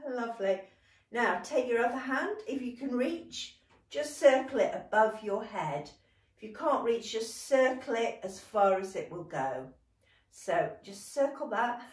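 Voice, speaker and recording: A woman leading a gentle dance warm-up for older adults, encouraging and often laughing. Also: fairly high pitch, animated, slow pace. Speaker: dance workshop leader. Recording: echoey room, mic at a distance.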